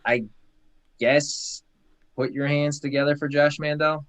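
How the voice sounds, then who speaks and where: A man hosting an open mic, bringing up the next comic in a slow, drawling way. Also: a little high, flat delivery, a bit bright.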